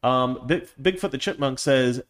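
A man's voice: mid-range voice, a little slow, a little hiss or hum. A man hosting a casual livestream, reading viewer comments and chatting in a rambling, self-correcting way with frequent laughs. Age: adult, past his teens.

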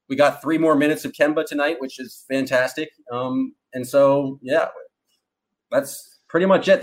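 A man co-hosting a sports podcast, chatting loosely and joking, with fillers and trailing sentences. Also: a little high. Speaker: podcast co-host. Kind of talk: casual sports podcast chat.

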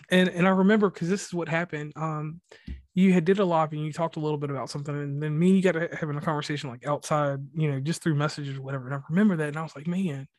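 A man from the rural Mid-Atlantic hosting a casual podcast interview, talking fast and rambling with many restarts. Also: on the high side, steady tone, dry recording, studio quality. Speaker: podcast host.

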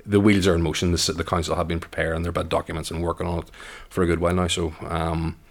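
A man's voice: low-pitched, level tone, quick pace. A man with a Derry accent, talking as a local guest in a hesitant, rambling way, full of fillers. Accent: Derry, Northern Irish.

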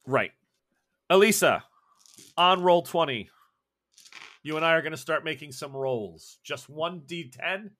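A man's voice: fairly high pitch, a bit bright. A man narrating a tabletop role-playing game as game master, playful and often laughing. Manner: playful, laughing, quick voices for townsfolk.

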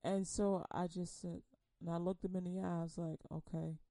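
A woman preaching a humorous sermon, telling animated stories, laughing often and acting out quotes in casual slang. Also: lowish voice, normal speed, dry recording.

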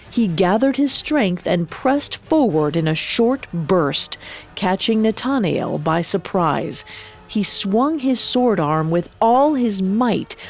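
Woman storyteller, lower voice, measured dramatic storybook narration. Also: gravelly, darkish tone.

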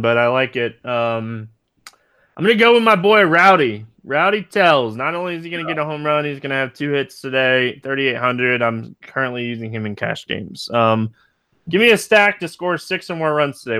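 A man hosting a casual sports podcast, relaxed and playful, with frequent ums. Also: mid-range voice, moderate pace, clean tone. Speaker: podcast host.

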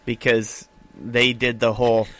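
Bright-voiced dude laughing a lot, short dry remarks, just chatting with friends. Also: male voice, medium pitch, flat delivery, a little slow, dry recording, low-quality recording. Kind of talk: casual chat with friends.

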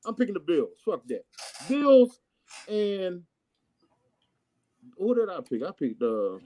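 Man, high voice, loud and brash, swearing, teasing viewers, casual sports chat. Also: wildly swooping pitch, slow. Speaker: co-host reading viewer comments.

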